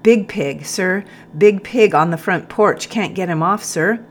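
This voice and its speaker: A woman's voice: lowish voice, measured pace. A woman voicing a flustered, nervous male corporal who stammers and hesitates. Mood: urgent.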